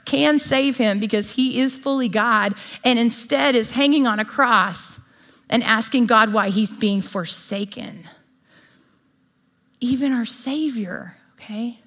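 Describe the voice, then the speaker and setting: A woman's voice: a little high, fairly bright tone. A woman preaching a sermon to a live audience in a conversational way, often asking her listeners questions. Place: church or gathering before an audience.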